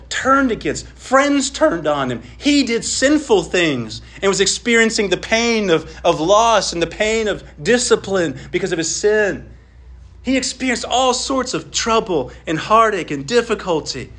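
A man with a high voice preaching a sermon as pastor. He speaks earnestly, climbing high when he voices pleading prayers and sinking quiet and low for asides. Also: very animated, measured pace. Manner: earnest preaching, voice rising on quoted pleas and dropping low on asides.

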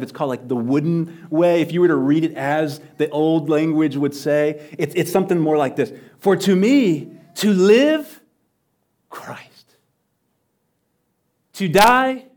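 Male pastor, slightly higher voice, dynamic sermon with big loud-to-soft swings and repeated lines. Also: moderate pace, hardly any pauses. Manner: dynamic preaching, swinging from loud emphasis to near-whispers; repeats phrases for emphasis.

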